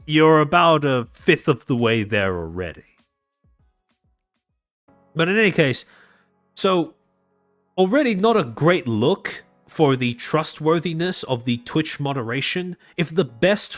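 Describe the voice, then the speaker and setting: A man's voice: on the high side, fairly bright tone, no echo. A man with an Australian accent, hosting a live stream and giving sardonic, rambling commentary. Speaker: streamer host.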